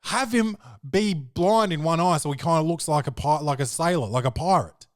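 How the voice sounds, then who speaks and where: A man's voice: a little high, fast talker, dry recording, clean studio sound. Rambling, profane male podcast host. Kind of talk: casual chat.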